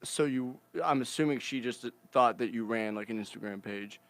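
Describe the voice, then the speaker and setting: A man co-hosting a casual podcast who teases in a low-key, dry way. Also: normal speed, no echo. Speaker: podcast co-host.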